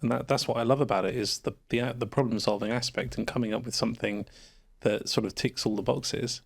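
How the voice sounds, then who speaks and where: A man's voice: mid-range voice, fairly even intonation, brisk, creaky. A man who works as a special effects makeup artist, explaining his work plainly in casual chat.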